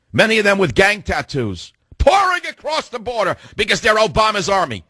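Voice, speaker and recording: A man's voice: a little high, big pitch swings, moderate pace, a bit bright, no echo, clean studio sound. Ranting male talk radio host. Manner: ranting, hectoring, rhetorical questions to listeners. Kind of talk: combative political talk radio monologue.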